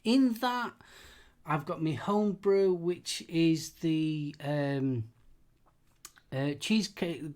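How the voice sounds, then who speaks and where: A man's voice: a little high, slow pace, pauses often, darkish tone. A man in a casual live stream chat, playful and jokey, sometimes trailing off to find words.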